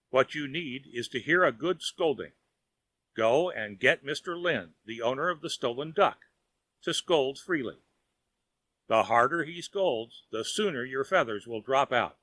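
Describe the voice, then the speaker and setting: A man's voice: medium pitch, animated, measured pace, a bit bright, no room sound. Man doing a chiding, teasing old fairy. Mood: stern. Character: male fairy, wise and teasing, scolding kindly. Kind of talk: audiobook character voice.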